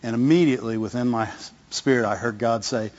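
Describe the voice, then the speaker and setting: A man's voice: mid-range voice, fairly even intonation, brisk, a little mellow. A middle-aged male pastor giving a conversational sermon, often repeating words and asking the congregation "Amen?". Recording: long hall reverb, dull lo-fi sound.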